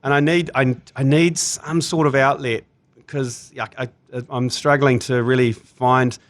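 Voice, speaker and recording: A man's voice: medium pitch, measured pace. A man with a New Zealand accent hosting a sports podcast, telling jokey stories in casual chat. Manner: animated, laughing, jokey storytelling. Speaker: podcast host.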